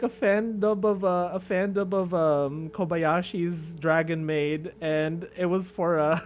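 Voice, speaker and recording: Guy streaming and chatting w viewers, rambly and self-deprecating, talks real slow. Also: high voice, fairly even intonation. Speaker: VTuber streamer. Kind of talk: casual live-stream chat.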